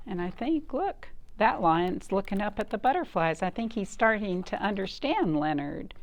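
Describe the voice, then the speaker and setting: A woman librarian reading a picture book at children's storytime, gently asking the children questions. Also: mid-range voice, lively intonation, moderate pace, hardly any pauses.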